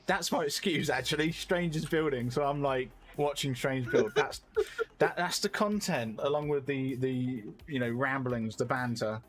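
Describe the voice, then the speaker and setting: A man's voice: mid-range voice, a little slow, a bit bright. A young man hosting a casual game-development stream, chatty and teasing, often breaking into laughter. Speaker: streamer host.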